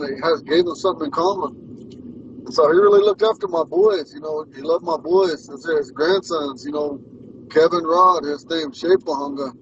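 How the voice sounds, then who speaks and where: Here a man in his forties teaches a language casually, telling rambling stories and frequently repeating himself or starting over. His pitch is fairly high. The audio is muffled from far off the mic, with slight background noise.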